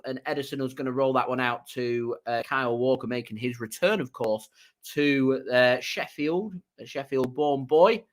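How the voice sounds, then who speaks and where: A man runs a live fan watchalong, thanking viewers by name and chatting easily. His voice sits at a middle pitch. Now and then he shifts into steady play-by-play match commentary. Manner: chatty, reads out viewer messages, laughs easily. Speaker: fan channel host doing a live watchalong. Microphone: desk microphone.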